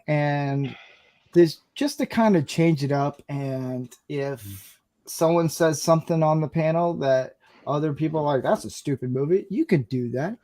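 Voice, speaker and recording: A man's voice: on the high side, darkish tone. A man hosting a casual panel chat, loose and joking, calling on each guest. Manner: loose, joking, swears freely. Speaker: podcast host.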